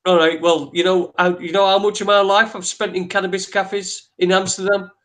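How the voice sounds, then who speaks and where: A man co-hosting a talk show, ranting in sweary, animated bursts with lots of restarts. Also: sits high, normal speed. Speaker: podcast co-host. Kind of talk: ranting opinion chat.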